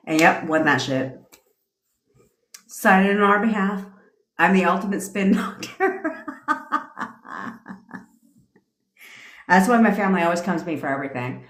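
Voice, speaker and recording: A woman hosting a live stream, telling stories in a brash, profane, casual rant. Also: on the low side. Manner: profane, brash storytelling with frequent laughs. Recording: echoey room.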